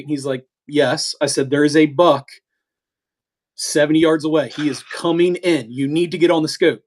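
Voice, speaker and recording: A middle-aged man telling a story in a casual, animated way, halting with restarts and acting out what was said. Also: fairly high pitch. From eastern United States. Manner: animated, halting with restarts, acts out quoted talk. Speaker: podcast co-host telling a hunting story.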